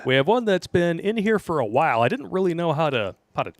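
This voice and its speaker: A man's voice: a little high, big pitch swings, fast, dry recording. A man hosting a casual live show, reading listener emails aloud in a laid-back way with many fillers. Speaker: podcast host.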